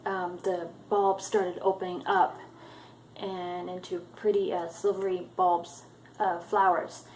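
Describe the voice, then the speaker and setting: A woman with a fairly low, darkish voice speaks slowly in a level tone, casually retelling a book chapter for her viewers. Her sentences are loose and hesitant, full of ums and uhs, and the rough recording has slight background noise.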